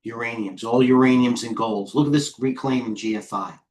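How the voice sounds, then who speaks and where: A middle-aged man hosting live trading commentary, firing off clipped ticker call-outs and excitedly talking to himself as he trades. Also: mid-range voice, brisk. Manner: talks to himself while trading. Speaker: head trader hosting a market livestream.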